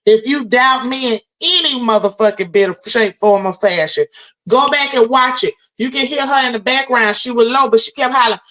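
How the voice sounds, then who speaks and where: A woman's voice: on the high side, a little fast, fairly bright tone, rough recording. A woman hosting a livestream and telling her chat a story in a heated, profane rant, a little tipsy from drinking. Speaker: livestream host.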